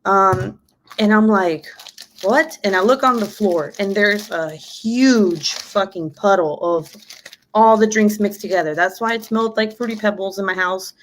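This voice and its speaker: A woman's voice: medium pitch, moderate pace, a little hiss or hum. A young woman, a mother of three, casually telling a story to her viewers. She swears freely, laughs often and acts out what people said. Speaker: vlogger, mother of three boys.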